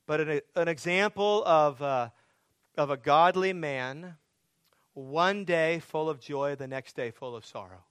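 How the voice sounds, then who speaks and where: A man's voice: fairly high pitch, measured pace, a bit bright, smooth, dry recording, clean studio sound. A man preaching a sermon as pastor, earnest, building to pleading, emphatic questions.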